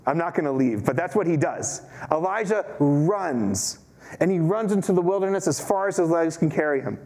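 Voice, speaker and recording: Storytelling rabbi, a man, slightly high. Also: animated, normal speed, darkish tone. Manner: storytelling, self-mocking, acts out quotes. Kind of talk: sermon. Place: synagogue chapel.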